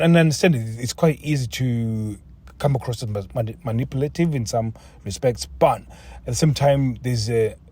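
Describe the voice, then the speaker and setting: Husky-voiced man hosting a frank solo podcast. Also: mid-range voice, warm tone. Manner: frank, rambling, with frequent restarts and casual swearing. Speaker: podcast host.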